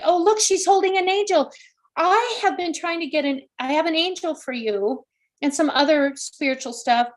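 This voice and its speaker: A woman hosting a live stream as a psychic medium, giving casual readings in an effusive, exclaiming way and speaking straight to her viewers. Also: high voice.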